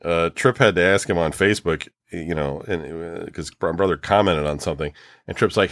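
A middle-aged man with a low voice talks fairly quickly on a dry, studio-quality recording. He's a podcast co-host telling stories in easygoing chat, full of swearing and frequent laughter.

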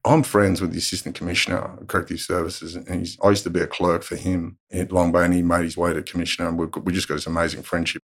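A man's voice: deep voice, little pitch movement, fast talker, hardly any pauses. A middle-aged Australian man telling stories in a blunt way, swearing freely as he talks. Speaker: guest telling prison stories. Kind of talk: casual storytelling.

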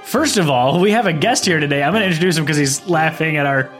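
A man's voice: on the high side, fast talker, fairly bright tone, faint music behind. A man hosting a casual podcast chat, laughing often and rambling, sharing one mic with his co-hosts. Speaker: podcast host. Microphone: shared microphone, leaning away at times.

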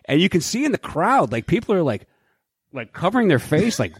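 A man co-hosting a casual podcast, telling stories in an animated, profane way. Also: high voice, brisk, husky, no echo.

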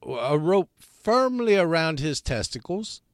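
Guy on a podcast, kinda high voice, bouncy delivery, crude jokes, dry sound. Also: slow, dry recording. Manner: crude, joking, animated storyteller. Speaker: podcast co-host. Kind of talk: casual chat, storytelling.

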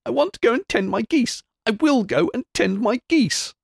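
A man voicing a stubborn little girl in a storybook reading, loud and insistent. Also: very high-pitched, animated, moderate pace, creaky, no room sound, studio quality, voice pushed up, exaggerated voice. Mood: defiant. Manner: loud, insistent crying demand.

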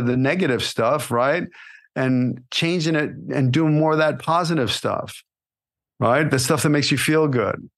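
A man delivers a motivational monologue to aspiring actors on his podcast. His voice sits at a middling pitch, and he coaches with energy, pushing his listeners and checking in with a "right?" after his points. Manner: energetic, coaching, repeats "right?" and "you know". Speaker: podcast host and acting coach.

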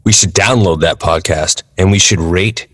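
A man's voice: low-pitched, normal speed, a bit bright, in a large hall. A man co-hosting a music podcast, chatting casually with playful, dry humor. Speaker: podcast co-host.

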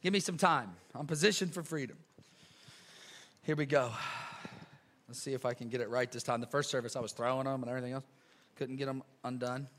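A male pastor preaching a casual, energetic sermon to a church congregation, full of slang, repeats and asides. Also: medium pitch, a little fast, long pauses. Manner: lively, chatty preaching with slang and repetitions. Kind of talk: sermon with a live illustration.

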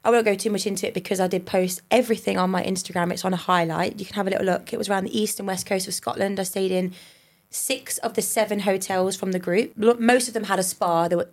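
English woman chatting on a podcast, laughs a lot, swears casually, middle pitch. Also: steady tone, quick pace. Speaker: podcast co-host. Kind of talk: casual chat.

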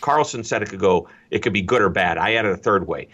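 A middle-aged man with a low voice speaks as a guest on a business interview. He tells stories with energy and leans on repeated catchphrases to drive his points home. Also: brisk, dull audio. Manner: energetic, anecdotal, repeats key phrases. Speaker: guest speaker on customer service. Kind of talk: interview storytelling.

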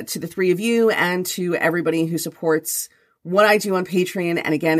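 A woman's voice: fairly low pitch, no room sound, studio quality. A woman podcast host reading her own humorous essay aloud in a wry, mock-dramatic way, then chatting casually in her morning voice. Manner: chatty with restarts when speaking off the page. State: first-thing-in-the-morning voice.

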